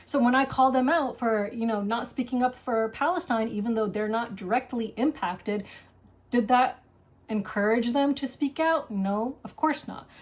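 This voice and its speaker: A woman's voice: on the high side, moderate pace. A woman hosting a board game show, delivering an angry, impassioned, profane solo rant. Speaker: board game video host. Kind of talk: solo ranting monologue.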